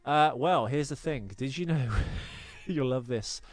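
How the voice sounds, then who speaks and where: A man in casual podcast chat, mid-pitched and plain in tone. He talks with confident, opinionated certainty, rattling off facts. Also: measured pace, no room sound. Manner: opinionated, fact-reeling film buff. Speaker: podcast co-host.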